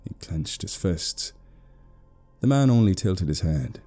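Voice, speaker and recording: A British man narrating a horror story slowly, in a hushed tone. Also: deep voice, animated, soft background music.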